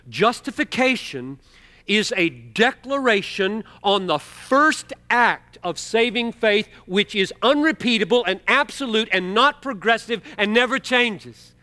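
In an expository sermon, a high-pitched man preaches emphatically, slowing to stress key words. He swings between loud exclamations and quiet asides.

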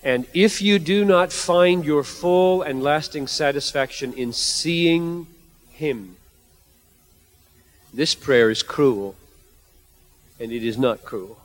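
A man's voice: on the high side, lively intonation, slow, pauses often. A man preaching a sermon, reading scripture and building to emphatic, repeated outbursts. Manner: emphatic, repetitive, rising to fervent outbursts.

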